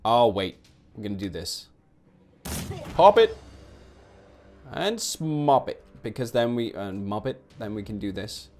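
A man commentating his own strategy game, getting excited and talking to his units. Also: on the low side, unhurried, pauses often. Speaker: let's play streamer.

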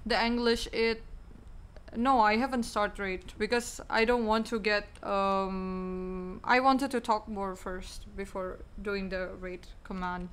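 Slow-talking young Indonesian woman streamer. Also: medium pitch, steady tone, a bit bright, smooth. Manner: chatty, rambling, repeats words and goodbyes. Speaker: game streamer. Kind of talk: casual stream sign-off chat.

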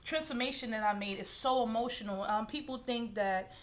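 Woman in her 30s, heartfelt chatty guest, voice sits kinda high. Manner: heartfelt, talks fast in loose run-on phrases. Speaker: business owner and guest. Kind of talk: casual interview chat.

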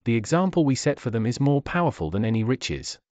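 Guy voicing a calm wise old-soldier orc, steady and even, dry close sound. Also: mid-range voice, a little fast, dry recording, lightly acted. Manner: calm, sage. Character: calm seasoned male orc warrior, wise.

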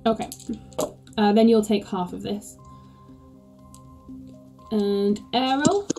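A woman's voice: medium pitch, takes it slowly, dark tone, soft background music, low-quality recording. A woman game master narrating a tabletop game, describing scenes hesitantly with many fillers.

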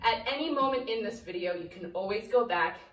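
A woman's voice: medium pitch, expressive, a little fast, far from the mic. A young woman teaching a children's dance routine, counting beats and calling out steps while she dances, slightly out of breath. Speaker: dance instructor. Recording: echoey room, voice from afar.

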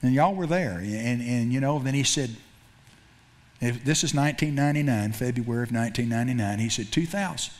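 A man's voice: medium pitch, fairly quick. Man preaching in storytelling style. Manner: storytelling with repetitions and self-corrections. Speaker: pastor. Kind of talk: sermon.

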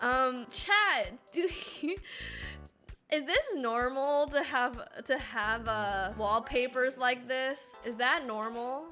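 A woman streaming a horror game, chatting excitably and giggling with her viewers. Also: high voice, slow pace, faint music behind. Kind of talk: casual gameplay commentary.

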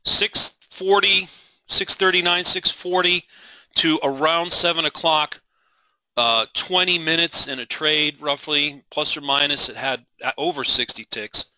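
A middle-aged man teaches a live trading webinar with fiery, driven passion, often rambling and restarting his sentences. His voice is strikingly bright and sharp. The recording is dry and close, with no room echo. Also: a little high, unhurried.

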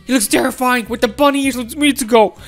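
A woman giving excited let's-play commentary, often shouting and constantly calling out to the viewers as guys. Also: fairly high pitch, fast talker, soft background music. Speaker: gameplay commentator.

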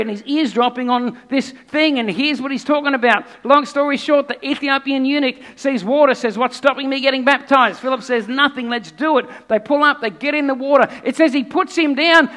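A man preaching a sermon, telling Bible stories in a conversational, animated way with acted asides. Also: extremely high pitch. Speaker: pastor.

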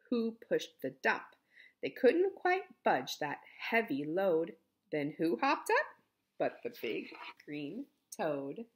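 A woman reading a picture book aloud to young children, animated, with playful animal sounds and friendly asides to her listeners. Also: mid-range voice. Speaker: children's story reader.

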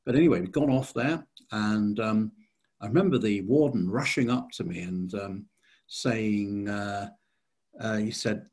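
A man's voice: on the low side, a little slow, a little mellow, slightly rough. A man giving an illustrated slide talk as a society chairman, hesitant with many fillers and restarts.

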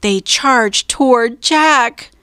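A woman storyteller reading a children's book aloud, slow, clear and deliberate. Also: fairly high pitch, pushed and bright, dry recording, clean studio sound.

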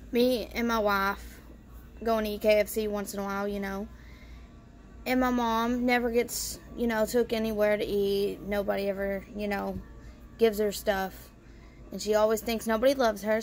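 A woman vlogger telling a family story in casual style, bluntly and with free swearing. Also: mid-range voice. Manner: blunt, swears freely, lots of "you know" fillers.

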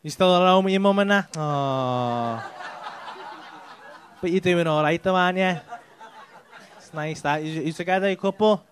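A man's voice: sits high, moderate pace, pauses often. A male stand-up comedian doing cheeky, teasing crowd work and swearing freely. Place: comedy club stage with live audience. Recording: live club audience.

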